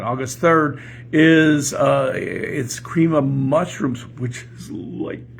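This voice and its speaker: A man's voice: a little high, vocal fry, a little hiss or hum. An older man who is a pastor, chatting casually and rambling with chuckles as he tells jokes on a morning show. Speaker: pastor and podcast host. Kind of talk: casual morning chat and joke telling. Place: home porch.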